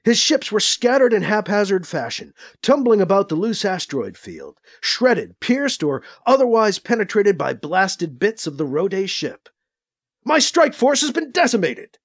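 A man narrating a science fiction story, lively and expressive. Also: high-pitched, measured pace, few pauses. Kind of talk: scripted narration.

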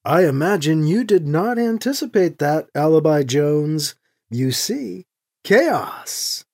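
A calm, scheming heretic who praises chaos in slow, stiff, formal phrases, put on by an audiobook reader. The voice is husky and the pitch swings widely. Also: full character voice. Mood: sly, formal. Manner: stiff formal speech without contractions, unhurried.

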